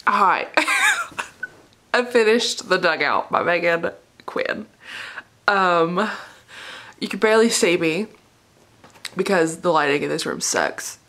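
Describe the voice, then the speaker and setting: Young woman vlogger, bright tone, gushing and tearful, casual chat at home. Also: lowish voice, animated, unhurried, pauses often. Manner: gushing, emotional, laughs often. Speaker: book vlogger. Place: dark living room at home.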